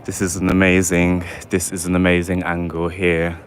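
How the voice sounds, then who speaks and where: Deep-voiced man rambling on a walk. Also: monotone, moderate pace, a little hiss or hum. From London, England. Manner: chatty and rambling, keeps asking "do you know what I mean". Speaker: livestreamer giving a walking tour. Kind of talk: casual live walking vlog. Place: outdoors in a city park by water.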